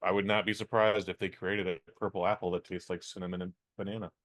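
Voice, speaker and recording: Deep-voiced man, dry close sound. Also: level tone, quick pace, no echo. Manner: dry, playing devil's advocate, incredulous. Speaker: podcast co-host. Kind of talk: casual podcast banter.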